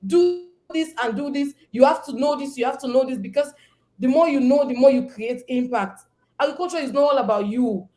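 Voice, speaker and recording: A woman's voice: high-pitched, a little fast, warm tone, faint music behind. A woman farmer speaking on a panel, emphatic and rallying, repeating short punchy phrases. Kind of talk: impassioned panel talk.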